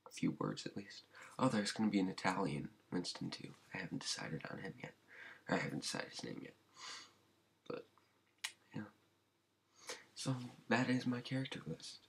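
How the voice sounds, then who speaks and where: ASMR host, male, deep husky rasp, meandering and soft, frequent whispers. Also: animated. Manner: rambling, halting, with many fillers and restarts; often drops to a whisper. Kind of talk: soft-spoken ASMR channel update.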